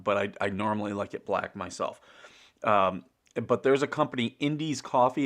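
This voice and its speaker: A middle-aged man from the US, hosting a casual morning livestream, rambling with fillers and frequent chuckles. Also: lowish voice. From United States. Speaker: show host.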